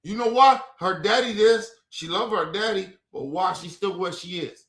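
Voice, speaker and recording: A man's voice: high-pitched, moderate pace, fairly bright tone, reverberant. A man streaming a heated, profane rant, repeating himself over and over to his viewers. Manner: profane and repetitive, talking to the viewers.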